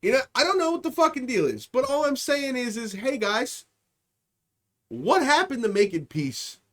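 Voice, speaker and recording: A man's voice: very high-pitched, big pitch swings, normal speed, a bit bright. A man hosting a comedy podcast, ranting in a profane, rambling monologue and slipping into mocking voices. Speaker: podcast host. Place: home streaming setup.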